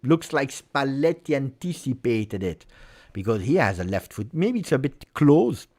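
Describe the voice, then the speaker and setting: A man's voice: medium pitch, big pitch swings, measured pace, darkish tone. A man hosting a live match watch-along, reacting emotionally and pleading with the players. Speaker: fan channel host.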